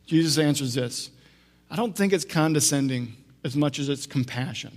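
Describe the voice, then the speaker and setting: Male preacher, conversational sermon delivery with asides; fairly high voice; long reverb of a church sanctuary. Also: a little mellow. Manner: conversational preaching, unhurried, frequent restarts and asides. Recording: long echo of a large hall.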